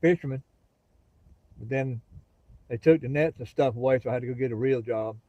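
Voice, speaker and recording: In a dry recording, a middle-aged man's mid-range voice moves fairly quickly. Hosting a phone livestream outdoors near a pasture, the Gulf Coast Floridian chats with viewers directly in a relaxed, folksy Southern drawl.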